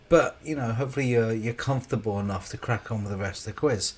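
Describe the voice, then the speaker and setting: A man hosting a live quiz in a rambling, jokey and relaxed way. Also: medium pitch, fast. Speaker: quiz host.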